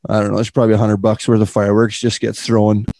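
A man's voice: lowish voice, completely flat delivery, fast talker, creaky, warm tone, no room sound. Male podcast host, loose rambling storyteller, curses freely, dry close sound. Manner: rambling storyteller, swears freely, many fillers. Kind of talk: casual podcast chat and ad read.

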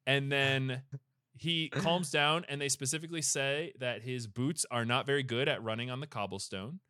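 A man casually retelling a fairy tale on a podcast, cursing freely in an animated, jokey way. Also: mid-range voice, moderate pace, dry recording, studio quality.

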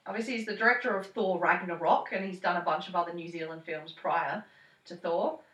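A woman's voice: on the low side, fairly even intonation, a little fast, fairly bright tone, far from the mic. A woman co-hosting a podcast in a casual chat, laughing often and swearing lightly. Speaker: podcast co-host. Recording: echoey room, a little off-mic.

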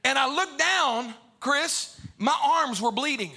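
A man preaching a sermon to a church crowd, moving from hushed storytelling to shouted, sing-song calls. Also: very high-pitched, expressive, slow. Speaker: pastor. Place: church sanctuary.

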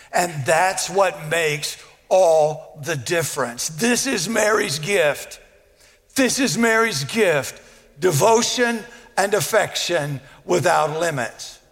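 High-voiced male preacher in a hall. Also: fairly bright tone. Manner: earnest, emphatic with repeated phrases. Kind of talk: sermon. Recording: long echo of a large hall.

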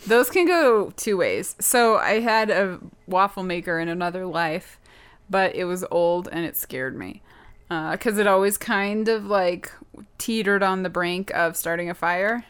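A woman co-hosting a podcast in casual chat, playful, with deadpan jokes. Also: fairly low pitch, unhurried, smooth. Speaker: podcast co-host.

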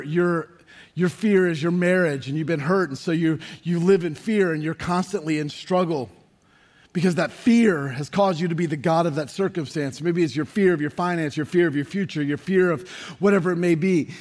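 A man in his forties preaching a sermon, telling stories with animated energy and rising to shouts for emphasis. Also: on the high side. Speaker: pastor.

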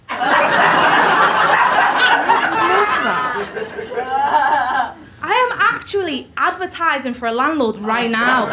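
A woman's voice: high-pitched, drawn-out words, long pauses. A woman doing a sarcastic satirical stand-up bit before a live audience. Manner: sarcastic, mock-conservative persona. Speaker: stand-up comedian. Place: live comedy venue with laughing crowd. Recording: echoey room, loud crowd noise.

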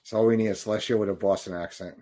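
A man's voice: fairly low pitch, fairly even intonation, racing, mellow. A man giving casual, jokey commentary while watching a film with a friend. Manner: chatty, jokey asides and reactions.

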